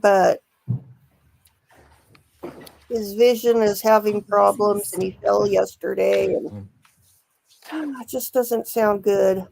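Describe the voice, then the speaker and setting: A woman's voice: medium pitch, fairly even intonation, takes it slowly, creaky, long pauses, darkish tone, slight background noise. A middle-aged woman giving casual, rambling true crime commentary, with many fillers and restarts.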